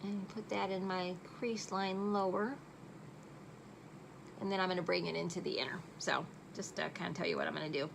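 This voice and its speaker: A woman's voice: fairly low pitch, fairly even intonation, normal speed, creaky, noisy background. A middle-aged woman chatting casually through a makeup tutorial at home at night, joking at her own expense. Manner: chatty and self-deprecating. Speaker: makeup vlogger.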